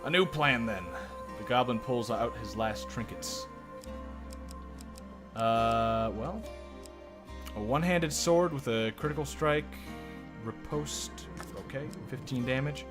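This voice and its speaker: A man's voice: medium pitch, steady tone, slow, pauses often. A man streaming a card game, reading its text aloud and rambling with casual swearing. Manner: profane, rambling. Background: game music.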